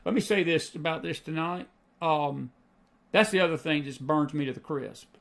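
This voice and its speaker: A man's voice: on the high side, normal speed, creaky, fairly bright tone. A middle-aged man hosting a live faith and politics show, preaching in a folksy way, repeating lines for emphasis and answering chat comments.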